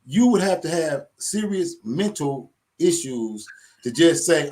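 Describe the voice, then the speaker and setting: A man's voice: fairly high pitch, expressive, darkish tone. A man from Detroit co-hosting a casual live stream, talking loosely and repeating himself as he builds a point. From Detroit, USA. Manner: loose, repetitive, builds his argument slowly. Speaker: podcast co-host.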